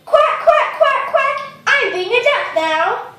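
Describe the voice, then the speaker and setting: A woman's voice: very high-pitched, big pitch swings, takes it slowly, very echoey, background noise, full character voice. A woman voicing a playful, mischievous little-sister mouse in a cartoon, silly and giggly.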